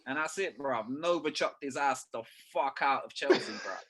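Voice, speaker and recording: A man's voice: medium pitch, expressive, normal speed, a bit bright, husky. A young man, talking football in a casual podcast chat, full of slang and swearing. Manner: slangy, swearing, keeps saying "bruv". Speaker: podcast co-host.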